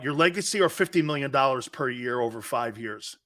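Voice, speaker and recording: Loud, lively sports talk host. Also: male voice, mid-range voice, brisk. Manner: loud, sarcastic, shouts and laughs mid-rant. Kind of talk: sports talk radio rant.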